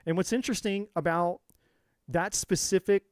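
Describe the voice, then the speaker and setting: Guy on a live tarot stream, preachy and swears a lot, kinda high voice. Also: normal speed, dry recording, studio quality. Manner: preachy, profane, repeats himself for emphasis. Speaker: tarot reader. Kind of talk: live-stream spiritual talk.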